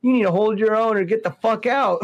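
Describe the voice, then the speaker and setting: High-voiced man telling a profane story. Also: brisk, no room sound, muffled recording. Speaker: podcast host. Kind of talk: casual podcast chat.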